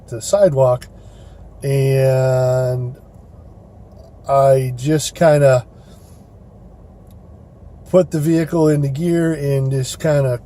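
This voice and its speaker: Rambling man, mellow voice. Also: mid-range voice. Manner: rambling, with many fillers and restarts. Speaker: rideshare driver vlogger. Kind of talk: casual storytelling.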